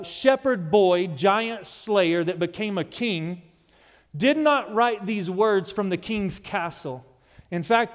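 A man preaching a sermon as pastor, emphatic and slowing down on key phrases. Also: sits high. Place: church sanctuary. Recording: long hall reverb.

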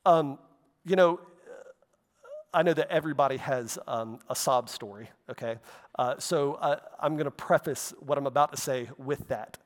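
A man's voice: mid-range voice, normal speed. A man preaching a sermon in a loose, conversational way, with frequent asides and "right?" and "okay?" tag questions. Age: adult, walked with faith over half his life. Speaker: pastor. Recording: long hall reverb.

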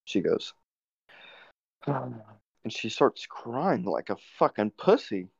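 A man's voice: medium pitch, big pitch swings, slow, gravelly, a little mellow, husky, no room sound. A young man hosting a podcast, telling a rambling, profane story in a laid-back way. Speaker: podcast host. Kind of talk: casual storytelling. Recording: dull, dry lo-fi recording.

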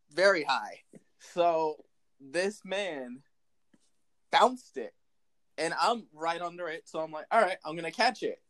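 A man in casual chat, telling a story in a lively way and acting out the voices of the people in it. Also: high-pitched. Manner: lively, acts out quoted voices. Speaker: storyteller recounting a school memory.

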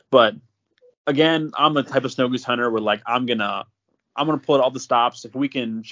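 A man's voice: mid-range voice, fairly bright tone, lo-fi sound. Rambling man telling a hunting yarn. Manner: rambling, filler-heavy, lots of "like". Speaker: podcast host. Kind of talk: casual storytelling chat.

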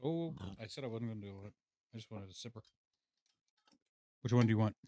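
A man's voice: on the low side, animated, fairly quick, mellow, no echo. A man hosting a casual podcast chat, laid-back and swearing freely. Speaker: podcast host. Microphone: studio mic.

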